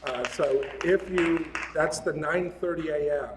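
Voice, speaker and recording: A man's voice: a little high, fairly even intonation, measured pace. A man giving a casual, joking sermon at a spiritual center, chatty and often laughing. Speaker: guest speaker at a spiritual center. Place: large hall of a spiritual center. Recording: echoey hall, mic at a distance, faint room noise.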